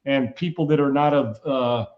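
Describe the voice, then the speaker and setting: Brief: male sports show host, lively casual storytelling, mid pitch, dull lo-fi sound. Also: normal speed. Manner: animated storyteller, laughs a lot. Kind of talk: casual sports talk chat.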